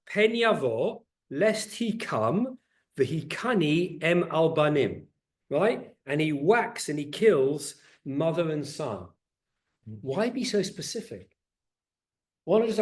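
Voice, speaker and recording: A middle-aged man, a rabbi, teaching a Torah class to a group, animated and questioning, often repeating words as he speeds up. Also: sits high, unhurried. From England. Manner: animated, asks the audience questions, repeats words when excited. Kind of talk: lively teaching talk to a group. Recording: roomy echo.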